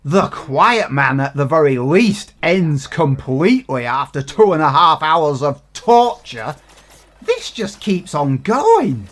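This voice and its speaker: A man's voice: fairly high pitch, big pitch swings, slow. A man giving an exasperated, sweary, sarcastic rant in a game review.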